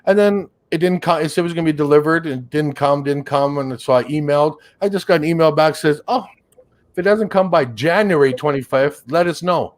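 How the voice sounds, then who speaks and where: A man in casual livestream chat, telling relaxed anecdotes with chuckles. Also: a little high, brisk.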